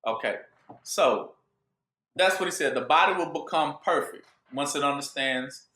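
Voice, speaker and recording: Man, informal preacher, call-and-response delivery, animated, echoey room. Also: on the high side, normal speed. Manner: call-and-response questions, joking, laughing. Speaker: bible teacher. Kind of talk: informal sermon.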